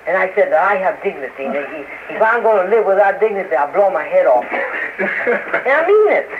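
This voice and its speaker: A man in an interview who speaks haltingly, with many restarts and fillers, heard on an old radio recording. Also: high-pitched, big pitch swings. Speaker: interview guest. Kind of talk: casual interview talk. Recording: noisy lo-fi archival radio, phone-like.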